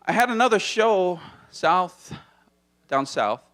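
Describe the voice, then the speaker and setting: A stand-up comedian from Hawaii performing in a small comedy room on a handheld stage mic, playful and animated, often dropping into silly voices. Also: male voice, normal speed. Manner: animated, playful, slips into character voices and movie-trailer deep voice.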